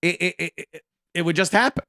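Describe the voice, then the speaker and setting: A man's voice: sits high, brisk, pushed and bright. A man in his fifties, a radio co-host, talking casually with profane, rambling, self-deprecating asides. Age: 50s. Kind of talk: casual monologue about his career.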